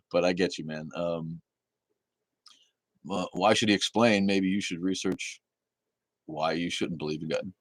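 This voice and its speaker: A man's voice: deep voice, steady tone, measured pace, long pauses, no room sound. A man hosting a casual livestream, reading chat aloud in a laid-back, easygoing way, cursing casually and laughing often.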